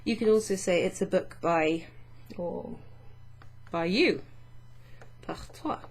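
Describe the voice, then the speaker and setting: A woman teaching French in a relaxed, patient lesson. She speaks slowly and with a slightly husky tone. She reads French phrases carefully and explains each one in a chatty way. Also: fairly low pitch.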